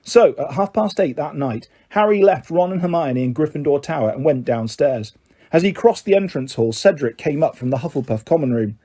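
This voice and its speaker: A male audiobook narrator reading a novel in steady, measured storytelling. His voice sits a bit high for a man yet sounds mellow and warm. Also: breathy edge. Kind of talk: scripted narration.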